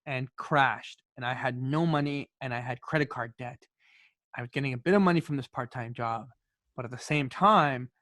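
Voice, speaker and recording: A Canadian man in his twenties, a podcast guest telling his story in an animated way and often repeating words as he starts a sentence. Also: mid-range voice, no echo. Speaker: podcast guest, youth speaker. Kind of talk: storytelling in conversation.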